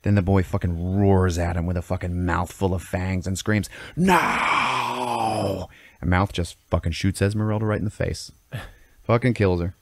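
A man's voice: low-pitched, flat delivery, brisk, a little mellow, no room sound. A man on a podcast, telling a long story in casual chat, swearing a lot and checking in with "okay?" after each beat. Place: podcast studio.

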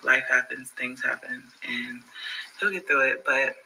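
Easygoing woman vlogger, deep and gravelly, on a noisy clip. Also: steady tone, a little slow, bright, forceful tone. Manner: rambling, easygoing. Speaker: vlogger and mother. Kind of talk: casual vlog talk. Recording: noisy home vlog clip.

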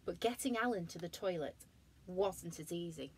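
A woman teacher with a British accent reading a picture book aloud to young children in a slow, gently lively way. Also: lowish voice, breathy edge. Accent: British English. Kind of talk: storybook read-aloud.

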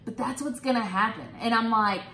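A woman's voice: on the high side, fairly quick, a bit bright, slight background noise. A woman hosting a casual Bible study talk, chatty and enthusiastic. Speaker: host. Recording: roomy echo.

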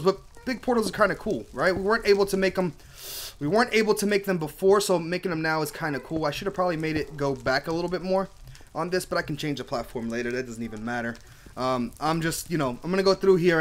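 A young man casually commenting on his own game play, rambling and breaking into excited shouts. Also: on the high side, a little hiss or hum. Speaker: gaming channel host. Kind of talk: Minecraft let's play commentary.

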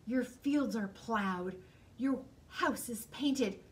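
A woman voicing a sly, fast-talking male fox who sells a swindle with showy salesman patter. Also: fairly high pitch, far from the mic. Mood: salesy.

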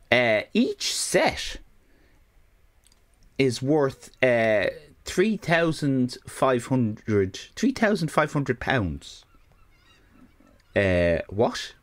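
A man streaming live, telling a rambling, profane comic story and interrupting himself often. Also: medium pitch.

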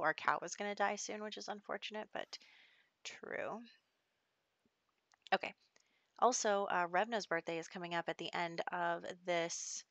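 A woman's voice: on the low side, fairly bright tone, no echo. A young adult woman casually narrating her life-simulation gameplay in a chatty, rambling way with frequent laughs. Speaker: let's play host. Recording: dull, dry home mic.

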